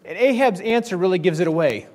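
Male preacher, high voice, sarcastic storyteller who acts out the scripture characters. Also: lively intonation, fast, darkish tone. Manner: wry, sarcastic, acts out the kings' lines. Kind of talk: sermon retelling scripture.

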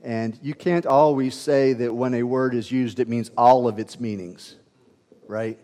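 A man delivering a sermon in an easy, conversational teaching manner, often restarting phrases and filling pauses with "uh." His voice sits at an ordinary middle pitch and carries a long hall reverb. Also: steady tone, warm tone. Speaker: pastor.

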